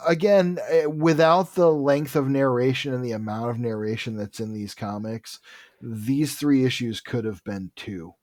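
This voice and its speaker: A podcast co-host in his forties with a dry, wry sense of humor, chatting casually and trailing off softly. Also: mid-range voice, steady tone, measured pace, no room sound. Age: 40s. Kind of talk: casual chat.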